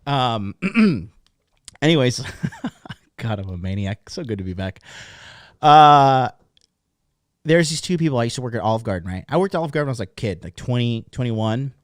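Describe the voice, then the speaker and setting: A man's voice: mid-range voice, expressive, moderate pace, pauses often, no room sound, clean studio sound. A man hosting a dating channel, ranting bluntly in a casual rambling way with lots of swearing. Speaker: dating coach host. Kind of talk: casual profane rant to camera. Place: seated at a desk, indoors.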